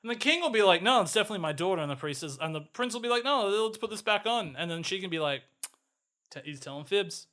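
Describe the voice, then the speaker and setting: High, bright Australian man joking. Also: expressive, fast talker. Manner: joking, sarcastic, drops into low mock voices. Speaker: podcast co-host. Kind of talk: casual chat.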